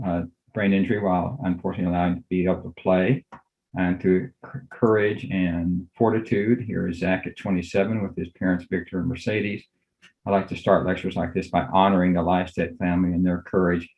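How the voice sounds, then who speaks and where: An older man, a physician, giving a measured academic lecture on a video call, courteous and full of fillers. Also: low voice, darkish tone, dull audio. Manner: measured, courteous, thinks aloud with many fillers.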